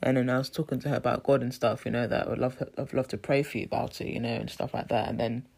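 A woman's voice: rumbling low, fairly even intonation, quick pace, vocal fry, a little mellow, breathy edge. A woman telling a rambling story in a casual vlog and laughing often. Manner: chatty, rambling, laughs often, says "you know what I mean". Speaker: vlogger.

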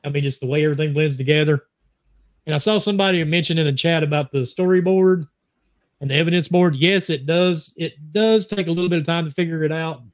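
Man, fairly high voice, casual gaming chat, earnest opinions. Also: fast.

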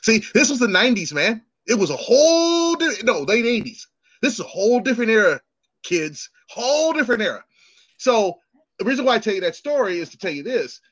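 A middle-aged podcast host speaks high-pitched and fairly quickly on a dry, dull-sounding recording. Telling stories in a casual chat, he's animated, imitates the voices of the people in them, and swears freely.

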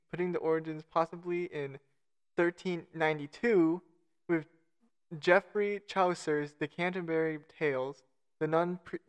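A podcast co-host with a higher-leaning, clear, resonant voice reads out facts on a casual show. He cracks self-mocking jokes and stumbles over foreign names.

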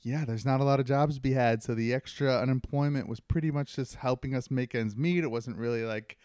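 A man's voice: mid-range voice, brisk, clear, resonant tone, no room sound, studio quality. Laid-back man podcast co-host. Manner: relaxed, agreeable, plain-spoken. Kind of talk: casual chat. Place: Los Angeles.

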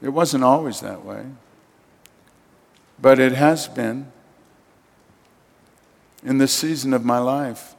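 A man's voice: mid-range voice, slow, gravelly, long pauses. An older man preaching a sermon as pastor, emphatic and calling on his congregation to respond. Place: church sanctuary. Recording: long hall reverb.

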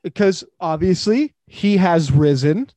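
A man co-hosting a podcast in casual chat, animated and joking, quick to jump in. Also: sits high, no echo. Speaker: podcast co-host.

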